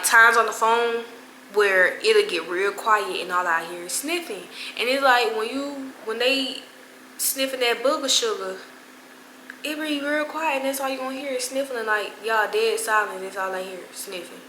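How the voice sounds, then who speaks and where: A woman's voice: fairly high pitch, moderate pace, sharp tone, reverberant, slight background noise, low-quality recording. A young woman telling a story to her viewers in casual, slangy chat, with laughing asides. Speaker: vlogger.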